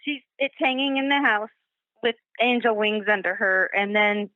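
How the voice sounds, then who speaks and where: A woman's voice: mid-range voice, normal speed, dry recording, muffled recording. A woman calling in to a radio show. She gives brief, grateful replies, often with laughter. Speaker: caller.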